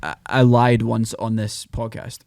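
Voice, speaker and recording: Scottish man, animated and chatty. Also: on the low side, measured pace, vocal fry, a crowd in the background. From Scotland. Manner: animated, rambling, breaks into mock voices. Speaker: podcast guest, country singer. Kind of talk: casual podcast chat.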